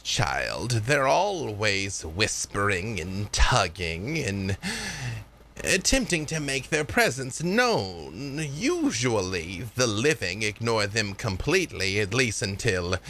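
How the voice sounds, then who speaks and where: Sly old granny who talks to ghosts, slow and coaxing, bright voice, a man putting her on. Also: fairly low pitch, slight background noise, full character voice. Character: sly old grandmother hag who speaks with spirits.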